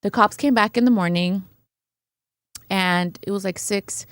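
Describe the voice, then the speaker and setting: A woman guest on a podcast tells a personal story casually in a medium-pitched voice, speaking a little slowly with a clean tone. She animatedly acts out what people said and often adds fillers like "right?"; the recording is dry and studio quality.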